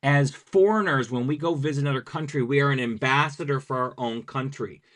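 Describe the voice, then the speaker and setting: An American man talking in a relaxed interview, telling lively stories and acting out the dialogue in them. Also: mid-range voice, brisk. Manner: lively anecdotal, acts out quoted dialogue. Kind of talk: conversational storytelling.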